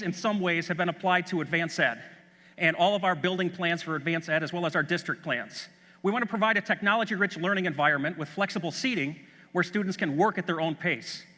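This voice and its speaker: High, bright-voiced man in a reverberant hall. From Chicago, USA. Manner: enthusiastic anecdotal storytelling. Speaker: school superintendent. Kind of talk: conference keynote talk. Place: large conference hall.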